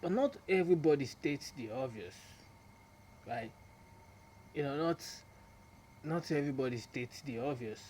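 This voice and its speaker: A young man talking casually to the camera in a rambling monologue, laughing often and dropping into a low drawl when he quotes himself. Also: animated, unhurried, long pauses, darkish tone, slight background noise. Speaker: vlogger.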